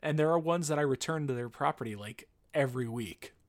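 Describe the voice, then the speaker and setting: Animated, swearing storyteller man. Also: on the high side, fairly quick. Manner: animated storyteller, swears, acts out voices with laughs. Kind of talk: casual chat, storytelling. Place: Los Angeles area.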